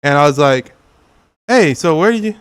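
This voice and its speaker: A man's voice: on the high side, animated, normal speed, a bit bright, clear, resonant tone. Laughing, chatty male game streamer. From California. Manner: laughing often, joking, acts out silly quotes. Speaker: gaming streamer. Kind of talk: casual gameplay chat with viewers.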